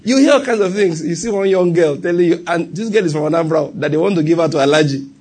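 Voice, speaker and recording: Nigerian pastor preaching, kinda husky, highish voice, jokey and lively, keeps asking the crowd questions. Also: male voice, fast talker. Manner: animated preaching with humor and rhetorical questions. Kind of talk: sermon.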